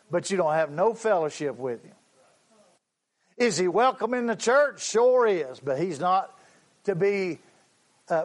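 A man preaches a sermon in a high voice. He takes his time, leaning on single words and repeating them for weight. Now and then he calls out to his listeners. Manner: repeats key words slowly for emphasis, with preacher's call-outs.

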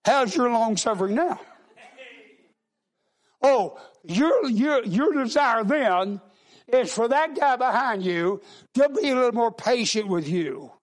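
A male preacher delivers a sermon in a very high-pitched voice. He talks in a folksy way, checking in with his congregation and often circling back to repeat and restart his words. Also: expressive, slow pace.

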